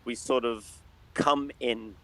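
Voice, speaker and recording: A man narrating a tabletop game as dungeon master, hesitant and halting with many restarts. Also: mid-range voice, steady tone, fairly bright tone, low-quality recording.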